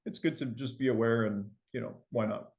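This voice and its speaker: A man's voice: mid-range voice, steady tone, brisk, creaky, highs cut off. A man raised in France with a faint French accent, a loan officer chatting casually as a guest in an interview, full of fillers and restarts.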